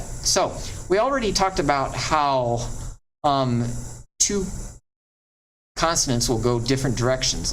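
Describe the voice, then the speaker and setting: A man who is a Latin teacher, explaining step by step in a relaxed classroom way, with frequent fillers and questions to himself. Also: medium pitch, slight background noise, rough recording.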